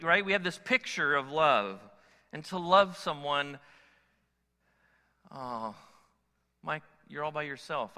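A man's voice: mid-range voice, pushed and bright. A middle-aged man preaching a sermon to his congregation, conversational and joking with people in the pews. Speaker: pastor. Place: church sanctuary with congregation. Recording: long hall reverb.

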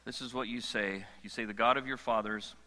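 A male pastor preaching a sermon in a large church hall, animated, with joking asides and frequent restarts mid-phrase. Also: on the low side, a little fast. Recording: long hall reverb.

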